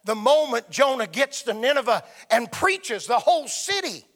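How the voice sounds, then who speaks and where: A man's voice: very high voice, very animated, moderate pace, a bit bright. A man preaching a sermon with emphatic delivery that swells and drops. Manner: emphatic, rising and falling delivery.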